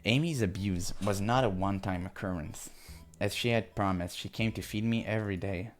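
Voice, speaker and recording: A man narrates a visual novel in the first person during a playthrough. His voice sits fairly low, and his reading is steady and earnest. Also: moderate pace, soft background music. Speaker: let's-play narrator.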